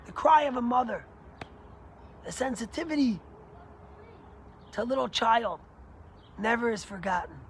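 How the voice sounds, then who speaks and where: A man, a rabbi, giving a short inspirational sermon as an earnest storyteller who drops low and soft for the moral. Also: expressive, measured pace, pauses often, a little hiss or hum.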